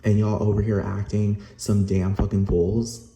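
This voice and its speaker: A heated, profane rant from a man with a lowish voice, repeating himself and keeping on asking whether you understand. The room rings with echo, and steady noise sits underneath. It is loud and restless throughout. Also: a little slow. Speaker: vlogger. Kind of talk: angry ranting vlog. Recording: echoey room with noise behind.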